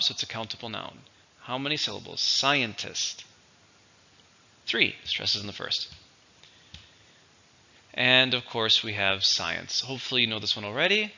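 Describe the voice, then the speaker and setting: A man teaching English vocabulary in a slow, deliberate lesson, spelling out syllables and stress. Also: mid-range voice, animated, vocal fry, bright, forceful tone, highs cut off. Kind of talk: recorded vocabulary lesson and dictation.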